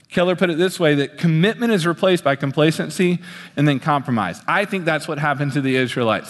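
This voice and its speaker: High-voiced young man preaching in a reverberant hall. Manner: animated, acts out quoted voices with big pitch swings. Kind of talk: sermon. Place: on a stage in a large hall.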